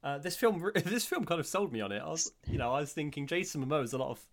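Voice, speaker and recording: A man's voice: on the high side, lively intonation, fast talker. A man co-hosting a casual film podcast, easygoing, laughing often and sometimes unsure of details. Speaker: podcast co-host. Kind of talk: casual film commentary chat.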